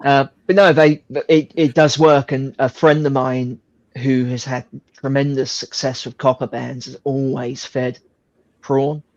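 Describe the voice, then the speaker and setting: A man in a relaxed casual chat, swearing now and then and laughing easily, apparently on a video call from home. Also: medium pitch, unhurried, dry recording, dull audio.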